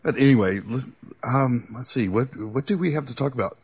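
A man's voice: medium pitch, brisk, a little mellow, breathy edge. A middle-aged man co-hosting a podcast in casual banter, rambling and stammering through crude jokes. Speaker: podcast co-host.

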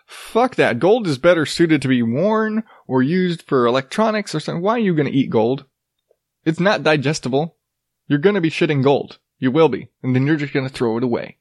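A man's voice: fairly high pitch, lively intonation, brisk, no room sound, studio quality. A man in his thirties hosting a podcast, riffing sarcastically on odd news stories with lots of swearing and laughter. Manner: profane, sarcastic, laughs often. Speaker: podcast host. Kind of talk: casual comedic news commentary.

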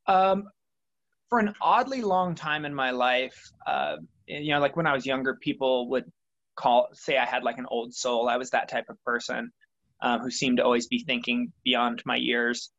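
A man's voice: mid-range voice, steady tone, moderate pace, fairly bright tone. Reflective man, slightly dull recording. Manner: thoughtful, rambling with many fillers. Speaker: interview guest, triathlete. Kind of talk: reflective conversational interview.

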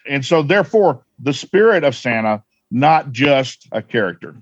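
A man at a middle pitch tells heartfelt stories in an earnest way. The sound is close and dry, a little dull on top. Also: very animated, moderate pace, husky, no echo. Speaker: guest, Santa performer. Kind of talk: casual interview talk.

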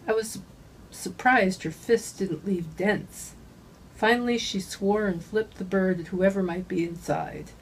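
A woman's voice: medium pitch, unhurried, a little hiss or hum, low-quality recording. Woman reading a hardboiled mystery. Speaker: author reading her own novel. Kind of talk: scripted first-person narration.

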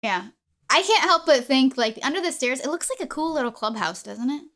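A woman in casual chat, curious and thinking aloud with quick questions. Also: high voice, expressive, a bit bright.

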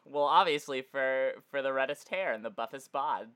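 A man co-hosting a podcast, tossing out quick, crude jokes in casual comedic chat. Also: mid-range voice, fairly bright tone, clear, resonant tone. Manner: quick, crude joking banter. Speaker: podcast co-host.

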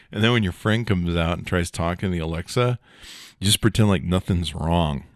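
A man's voice: deep voice, moderate pace, no echo, clean studio sound. A male podcast host giving a casual, rambling rundown of tech news, joking and swearing as he goes. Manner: rambling, profane, joking asides.

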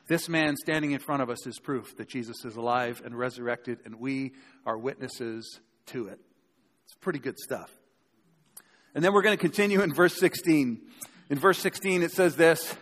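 A man's voice: medium pitch, moderate pace, fairly bright tone. A man preaching a sermon in a conversational way, acting out the people he quotes. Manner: conversational, acts out quoted speakers. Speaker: pastor. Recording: long hall reverb.

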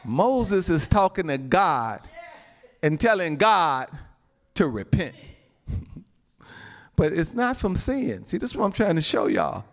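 A male pastor preaching a sermon, animated, often calling out to the congregation and breaking into shouts and laughs. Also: on the high side, takes it slowly, long pauses. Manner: calls out to the congregation.

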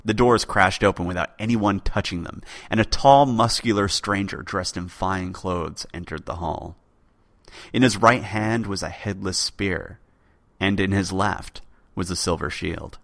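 Low-voiced guy reading a legend aloud, bright crisp tone, dry close sound. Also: unhurried, dry recording. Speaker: podcast host narrator. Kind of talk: storytelling narration.

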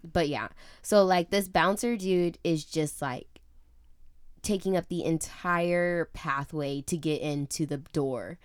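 Chatty young woman, lower voice. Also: slow pace, clean tone, no echo, studio quality. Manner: chatty, swears freely, many fillers. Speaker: podcast co-host. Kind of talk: casual chat.

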